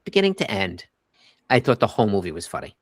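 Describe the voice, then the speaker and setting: A man's voice: lowish voice, wildly swooping pitch, quick pace, husky, no room sound, studio quality. A middle-aged man co-hosting a podcast, chatting casually about a movie and quoting scenes animatedly. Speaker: podcast co-host. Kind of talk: casual movie review chat.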